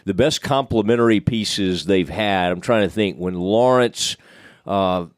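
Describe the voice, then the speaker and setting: A man's voice: lowish voice, a little slow, no echo, studio quality. A man hosting a casual sports podcast, talking in loose, rambling stretches that restart and trail off mid-thought. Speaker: podcast host.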